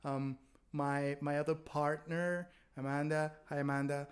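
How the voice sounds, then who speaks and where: A man, a stand-up comedian, chatting candidly on a podcast, laughing often and halting with fillers. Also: a little high, little pitch movement, clear, resonant tone. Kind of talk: casual chat.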